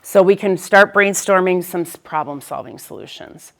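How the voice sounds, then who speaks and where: A woman's voice: on the low side, normal speed. A middle-aged woman school counselor giving a practical, conversational talk to parents and often checking in with "right?".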